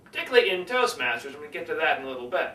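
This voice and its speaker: A man coaching public speaking in a lively lesson, demonstrating different tones of voice as he explains. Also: a little high, rapid-fire, roomy sound, distant mic, low-quality recording. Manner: animated, demonstrates tones by acting them out.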